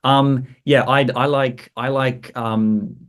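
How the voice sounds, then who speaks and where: A man's voice: medium pitch, steady tone. Guy hosting an interview podcast, mid voice, kinda stumbly questions. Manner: halting, repeats words while asking.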